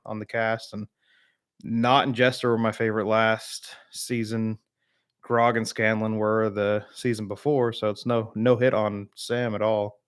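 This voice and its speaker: Man from the U.S. South, casual stream host, chatty and rambling, mid pitch. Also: clear, resonant tone. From Southern United States. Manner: rambling, filler-heavy, replies to chat by name. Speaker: streamer hosting a live chat. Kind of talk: casual live-stream chat.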